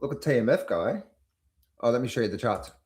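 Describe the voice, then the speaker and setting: A man hosting a casual live market stream, mock-panicking and then talking himself calm. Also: mid-range voice, brisk. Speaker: trading channel host.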